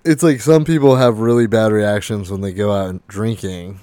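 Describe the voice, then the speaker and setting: A laid-back man hosts a casual podcast, tossing in easygoing remarks. His voice is low and smooth. He is recorded dry and close. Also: steady tone, normal speed, dark tone, no echo.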